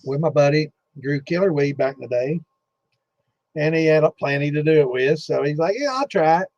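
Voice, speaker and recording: A man's voice: fairly high pitch, fairly even intonation, normal speed, darkish tone, no echo. A man hosting a distilling Q&A chat, telling a rambling story full of cursing and fillers, with a slightly dull lo-fi sound. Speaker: host of a distilling Q&A livestream.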